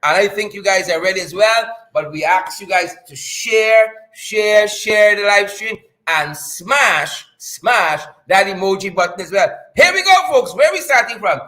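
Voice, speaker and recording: Hyped-up Guyanese man, very high voice. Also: expressive, unhurried, hardly any pauses, pushed and bright, low-quality recording. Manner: jokey, repetitive, hyped-up. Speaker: live-stream host. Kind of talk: live-stream news commentary.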